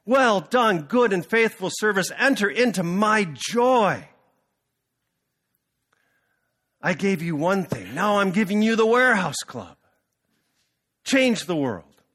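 A man playing a male CEO who proclaims and shouts, loud and forceful. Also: high-pitched, big pitch swings, measured pace, heavily acted. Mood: praising. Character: booming male CEO, jubilant then furious.

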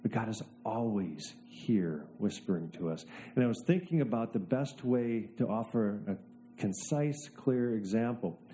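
Preacher guy telling a funny story in his sermon, super mellow dark voice, dry jokes, goes quiet to land a point. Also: lowish voice, animated, a little slow, slight background noise. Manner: storytelling with dry self-mocking humor. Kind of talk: humorous sermon.

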